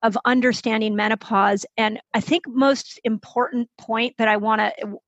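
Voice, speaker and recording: A woman in her fifties, a health expert guest, telling her own story in a lively conversational way and acting out the voices of people she quotes. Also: on the high side, no echo, dull audio. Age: 50s. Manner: animated, quick to act out quoted voices.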